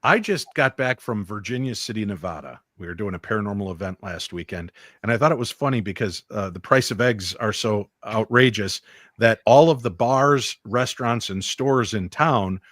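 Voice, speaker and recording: A man in a casual chat who tosses in dry, deadpan jokes. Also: on the low side, normal speed, dry recording.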